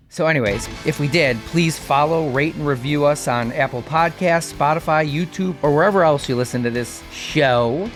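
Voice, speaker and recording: A man's voice: fairly high pitch, moderate pace, hardly any pauses, over music. A man hosting a podcast, giving an upbeat, joking sign-off at the end of the show. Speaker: podcast host. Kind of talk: show outro.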